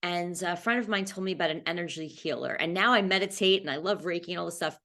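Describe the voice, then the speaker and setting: A woman's voice: fairly low pitch, fast, bright, forceful tone. A woman in her forties, a cancer survivor, telling her personal story in an interview with candid talk and frequent fillers and restarts.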